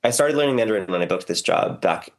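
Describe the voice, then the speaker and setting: A young American man co-hosts a podcast with a somewhat low voice that has gone hoarse from weeks of coughing. He talks in an animated, chatty way. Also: fast talker. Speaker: podcast co-host. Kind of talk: casual chat.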